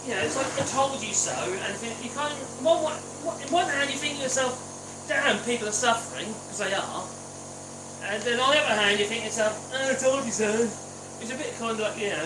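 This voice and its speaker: A man's voice: extremely high pitch, roomy sound, distant mic, very noisy. A man chatting casually on a radio mic while he builds something, rambling and cracking jokes. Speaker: vlogger. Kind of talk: casual chat while woodworking.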